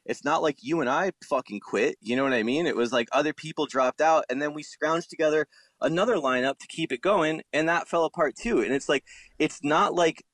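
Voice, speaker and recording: A man's voice: on the high side, brisk, a bit bright, no room sound. A man in his thirties from the Philadelphia area, talking casually and profanely, rambling with a lot of "like". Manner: profane, rambling, heavy use of "like". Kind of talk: casual chat.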